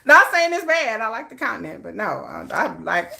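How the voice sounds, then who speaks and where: A woman with a Texan twang hosting a casual livestream, chatty and animated, often restarting her sentences. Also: fairly high pitch, moderate pace, creaky, slight background noise. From Texas. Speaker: K-pop news livestream host.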